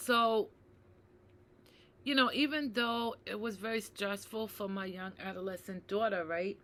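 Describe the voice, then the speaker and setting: A woman talking earnestly to her viewers, reflective and slow to repeat key phrases, often checking in with "right?" and addressing them as "you guys". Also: medium pitch, fairly even intonation, a bit bright. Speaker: mental health advocate. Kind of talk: personal talk to camera.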